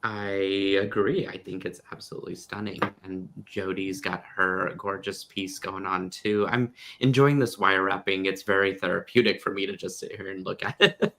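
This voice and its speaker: A man with a very low, gravelly voice chats easily as a co-host, laughing often. He talks loosely, trailing off into fillers. He sounds like he is on a video call from a craft table. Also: fairly even intonation, moderate pace, hardly any pauses, fairly bright tone, slight background noise. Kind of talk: casual chat.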